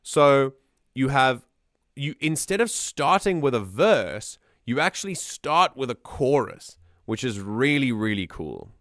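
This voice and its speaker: A man at a mid pitch talks through a song's structure in a relaxed, chatty way, full of ums and quick restarts. His voice sits close and dry, with no room sound around it. He breaks into little hummed or sung snippets to show the rhythm. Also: dry recording. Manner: chatty, explanatory, many fillers and restarts; hums and sings examples to show rhythm. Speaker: music analysis host. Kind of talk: casual spoken music analysis.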